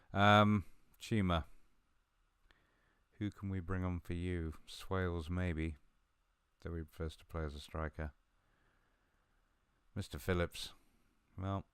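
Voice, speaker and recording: Low-voiced man commentating his own game. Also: smooth, no echo. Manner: chatty, mumbling, bursts of excitement at big moments. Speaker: gaming video host.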